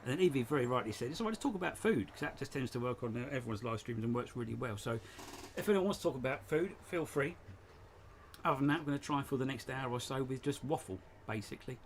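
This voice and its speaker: A man's voice: mid-range voice, quick pace, slight background noise. A man hosting a casual live stream from his shed, rambling and chatty, often laughing as he talks. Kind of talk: casual chat. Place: home shed.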